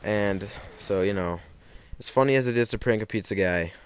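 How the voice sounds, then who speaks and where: A man's voice: lowish voice, moderate pace, slight background noise. A young man telling a rambling story over gameplay, full of fillers and self-corrections. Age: young adult. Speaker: gaming commentator.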